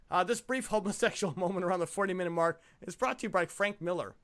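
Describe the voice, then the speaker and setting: A man's voice: high-pitched, fast, fairly bright tone. A tipsy man co-hosting a casual movie review podcast, rambling, swearing and sarcastic. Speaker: podcast co-host.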